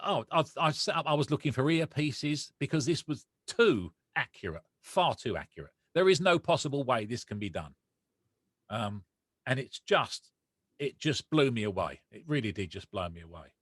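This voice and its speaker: Brief Romford man, lively storyteller who voices the others, dry close sound. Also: mid-range voice, moderate pace, no room sound. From Romford, England. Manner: animated, acts out dialogue. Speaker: guest. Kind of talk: personal storytelling.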